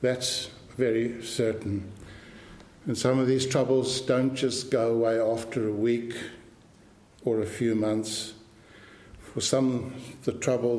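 A man preaching a sermon, earnest and emphatic, now and then clearing his throat. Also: medium pitch, level tone, slow, darkish tone, echoey room. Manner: clears throat between points.

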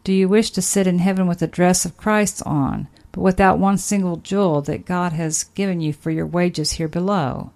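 A woman's voice: on the low side, darkish tone. Woman reading an old sermon solemnly. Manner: solemn, measured, archaic phrasing. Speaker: sermon reader.

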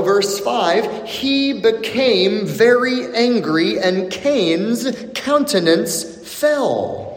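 Man, pastor, biblical sermon, slow measured delivery, rising emphasis, echoey hall with long reverb. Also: high-pitched. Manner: expressive preaching with rising emphasis and many restarts.

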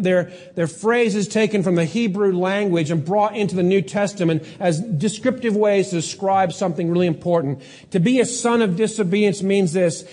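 Emphatic preacher man, fairly high voice. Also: darkish tone. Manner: emphatic preacher, rhetorical questions, slows down for stress. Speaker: pastor. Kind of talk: sermon.

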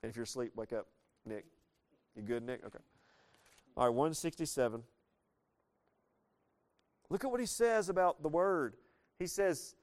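A man's voice: on the high side, normal speed, pauses often. A man preaching a sermon as pastor, talking plainly with his congregation and asking them questions as he goes. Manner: conversational, asks the congregation questions; lively preaching with frequent shifts in loudness.

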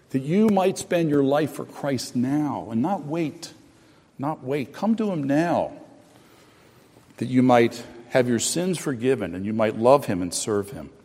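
A middle-aged man preaching a sermon, earnest, with restarts and repeated phrases, swinging between loud and soft. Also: mid-range voice. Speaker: pastor. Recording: preaching voice with long hall reverb.

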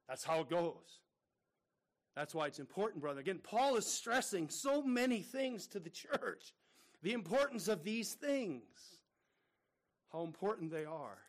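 A middle-aged male pastor preaching a sermon, earnest and full of rhetorical questions, calling his listeners brethren. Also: fairly high pitch.

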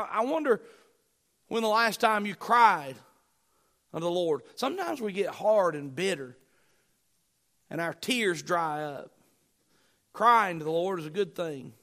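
A middle-aged male pastor delivering a sermon in a fairly high voice. He preaches with emphatic, rising bursts and drops into quiet asides to the congregation.

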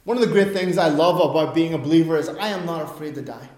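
A man's voice: on the high side, fast talker, a little mellow. A middle-aged male pastor preaching a sermon, emphatic, with chatty asides and self-corrections. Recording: echoey room.

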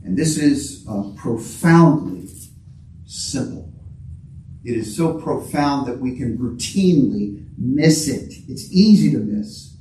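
Guest pastor, male, unhurried and warm-toned, stop-start delivery; roomy church sound with faint background hum. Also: mid-range voice, lively intonation, far from the mic. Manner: halting, repeats words while searching for phrasing. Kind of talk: sermon.

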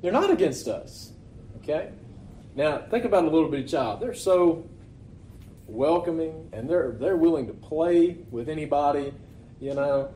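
Male preacher with a slightly high voice and a conversational sermon delivery; echoey hall recording. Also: normal speed, mellow, a little hiss or hum. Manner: conversational, asks rhetorical questions. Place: church meeting hall.

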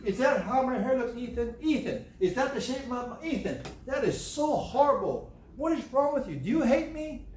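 A man putting on a high, theatrical voice to play a fussy older grandmother. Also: big pitch swings, moderate pace, few pauses, a little mellow, roomy sound, distant mic, a little hiss or hum, low-quality recording. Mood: appalled. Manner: exaggerated falsetto mimicry.

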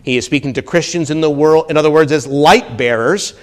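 A male pastor giving a teaching sermon, climbing much higher and louder when he reads quotations and dropping low and quiet on his asides. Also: fairly quick. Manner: teaching tone, rises sharply when quoting, drops low on asides. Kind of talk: expository sermon.

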